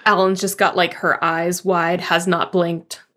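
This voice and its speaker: A woman playing a tabletop game, casual and excitable. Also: lowish voice, a little slow. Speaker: player.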